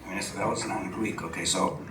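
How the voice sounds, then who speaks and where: An older man telling lively stories about his years in local television, acting out what others said and laughing often, before a live audience. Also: low-pitched, rapid-fire. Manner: chatty, laughs often, acts out quoted dialogue. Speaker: guest storyteller. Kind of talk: live on-stage storytelling. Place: supper club stage before an audience. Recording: roomy venue sound from a distant mic with background noise.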